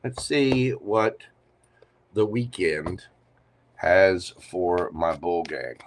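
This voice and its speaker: A man's voice: low voice, very slow, a little hiss or hum. A man reading tarot cards live for viewers in a chatty, playful manner with teasing asides. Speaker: tarot reader.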